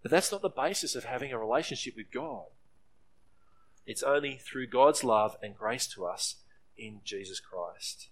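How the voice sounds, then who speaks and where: An expressive man speaking at normal speed preaches an earnest sermon. As a pastor, he briefly acts out the voices in his story, raising his pitch for each quote.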